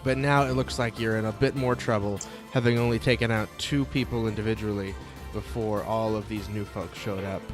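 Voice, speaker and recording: A man's voice: fairly low pitch, steady tone, brisk, over music. A man running a tabletop role-playing game as game master, talking casually with frequent filler sounds and some swearing.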